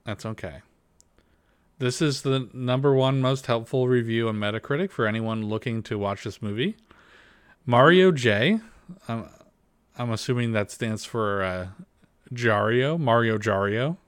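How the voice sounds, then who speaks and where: A man's voice: mid-range voice, measured pace, clean tone, dry recording. Hesitant man co-host, dry close sound. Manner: hesitant, stammering, dry teasing. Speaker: podcast co-host. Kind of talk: casual chat.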